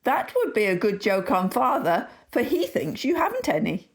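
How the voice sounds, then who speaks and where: A woman voicing a sharp-tongued young woman who teases a rejected suitor, in a joke reading. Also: on the high side, huge pitch swings, normal speed, pitched above the performer's own voice. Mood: teasing. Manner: tart, teasing.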